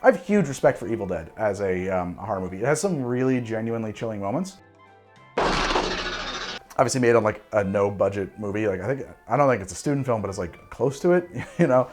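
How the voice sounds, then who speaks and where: A man in his forties hosting a cocktail show, talking casually to camera in an animated, digressive and jokey way. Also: fairly low pitch, fast, music in the background.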